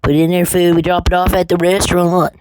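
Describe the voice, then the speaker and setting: A woman's voice: on the low side, level tone, fast, voice pushed up, natural voice. A woman mimicking scheming male plotters in a mocking, sing-song parody voice. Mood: sneering. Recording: noisy with clicks.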